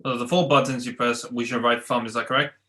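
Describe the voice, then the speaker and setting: A man's voice: mid-range voice, steady tone, fast, bright, forceful tone. A man co-hosting a casual gaming podcast, playful and often stumbling and restarting his sentences. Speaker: podcast co-host. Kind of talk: casual chat.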